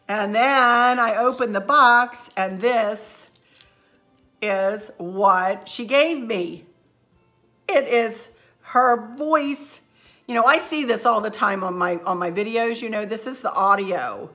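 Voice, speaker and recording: A woman with a bright, fairly high voice chats to her camera at home as the host of a craft channel. She is effusive and emotional, laughing often, and her throat is a little scratchy. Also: slow pace, faint music behind. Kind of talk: casual chat to camera. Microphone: handheld camera.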